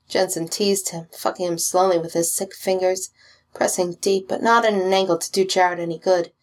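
A woman reading fan fiction aloud with steady, expressive storytelling. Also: mid-range voice. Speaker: reader.

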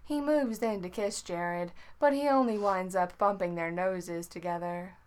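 A woman reading a story aloud in an unhurried, informal way. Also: lowish voice, darkish tone, clean tone. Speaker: narrator.

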